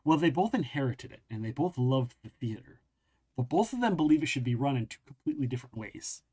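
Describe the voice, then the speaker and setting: A man's voice: mid-range voice, lively intonation, fast, darkish tone, slightly rough. A man voicing a diplomatic male noble's aide who is bad at sarcasm and speaks in an earnest, courteous way.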